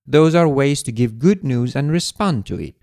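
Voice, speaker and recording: A man teaching an English lesson, explaining phrases in a clear, deliberate way. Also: medium pitch, animated, darkish tone, no echo, studio quality. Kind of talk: scripted language lesson.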